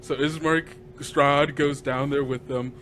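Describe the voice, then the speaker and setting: A man, a game master guest, retelling a tabletop campaign session in a lively, rambling way, often laughing and filling gaps with "like.". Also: on the high side, unhurried, a little hiss or hum. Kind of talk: animated storytelling recap.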